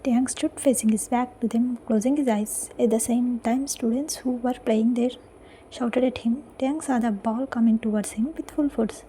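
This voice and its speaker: A woman reading a fan-fiction story aloud as its narrator, in a soft, breathy near-whisper. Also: fairly high pitch, fairly even intonation, normal speed, a little hiss or hum, poor audio.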